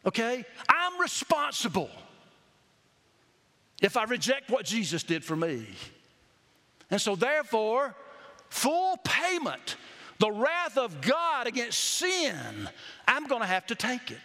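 Emphatic preacher, bright and lively. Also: male voice, very high-pitched. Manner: emphatic, call-and-response questions to the congregation. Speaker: pastor. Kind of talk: sermon. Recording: long reverb of a hall.

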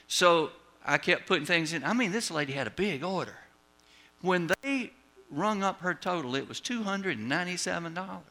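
Folksy older preacher. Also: male voice, high voice, expressive, moderate pace, sharp tone. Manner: folksy, wry, anecdotal. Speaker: pastor. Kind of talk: sermon with folksy storytelling.

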